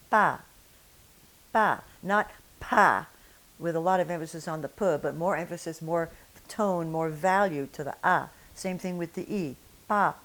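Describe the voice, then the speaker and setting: A woman teaching French pronunciation in a video lesson, modeling sounds slowly and deliberately. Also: lowish voice.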